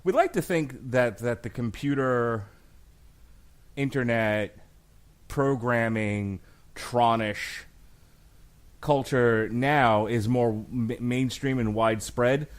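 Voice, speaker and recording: A man in his forties hosting a podcast and arguing a case about a film with emphatic, animated delivery and frequent laughter. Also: mid-range voice, slow pace, long pauses, clean tone. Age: 40s. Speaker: podcast host. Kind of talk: mock-trial film debate podcast.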